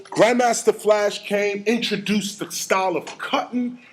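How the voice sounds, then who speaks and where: A middle-aged man giving an animated storytelling lecture, acting out sounds and quotes. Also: high-pitched, a little slow, a little hiss or hum. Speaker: hip hop lecturer.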